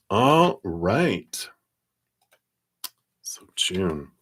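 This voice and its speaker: Deep-voiced chatty male tarot reader. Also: sing-song, drawn-out words, noisy background. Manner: chatty, laughs often, lots of fillers. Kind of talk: live-streamed tarot reading.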